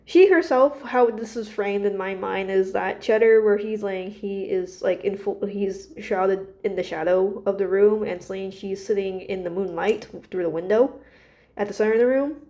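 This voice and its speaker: Woman, warm mellow voice, gentle hesitant ramble full of ums and restarts. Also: mid-range voice, moderate pace. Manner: hesitant, many fillers and restarts. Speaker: creator discussing her characters. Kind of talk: casual rambling monologue.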